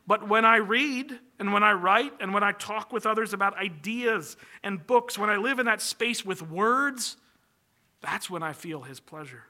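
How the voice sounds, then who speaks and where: Bright-voiced man preaching a sermon. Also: high voice, normal speed. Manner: earnest, emphatic, building lists with rising energy. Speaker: pastor.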